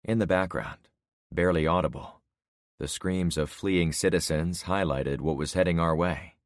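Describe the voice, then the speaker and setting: Deep-voiced male audiobook narrator. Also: fairly even intonation, normal speed, dry recording, clean studio sound. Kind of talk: first-person scripted narration.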